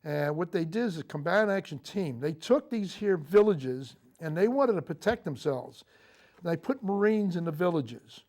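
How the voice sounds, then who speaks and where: An older man, a Marine veteran, recounting his memories in a TV interview, speaking haltingly with frequent fillers and restarts. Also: a little high, animated, a little mellow. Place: local TV studio.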